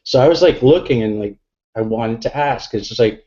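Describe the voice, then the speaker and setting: A man's voice: mid-range voice, moderate pace, mellow, lo-fi sound. A tipsy middle-aged man chatting on a podcast, rambling and crude with many fillers. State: tipsy from drinking beer. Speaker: podcast guest. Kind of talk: casual chat.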